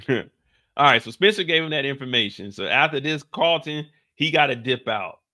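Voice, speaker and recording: A man hosting a casual TV recap, animated and slangy, often laughing. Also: medium pitch, moderate pace, no echo, clean studio sound. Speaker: show recap host. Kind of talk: casual commentary.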